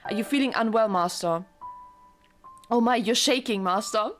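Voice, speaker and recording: A woman voicing a chillingly gentle young maid, speaking softly and formally as she reads a visual novel aloud. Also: fairly high pitch, normal speed, faint music behind, lightly acted. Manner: soft, formal and courteous.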